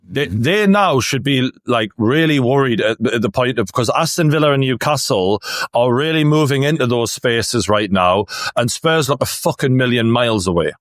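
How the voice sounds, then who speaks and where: A man hosting a casual football podcast, animated and swearing freely, laughing often. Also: mid-range voice, normal speed, no echo, studio quality. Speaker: podcast host.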